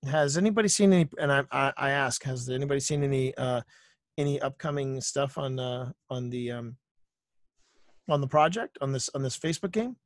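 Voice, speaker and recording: Man, interview guest, casual storyteller, repeats himself for emphasis, average pitch, dry recording. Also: fairly quick, no room sound. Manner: anecdotal, repeats phrases for emphasis. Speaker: author and entertainer guest.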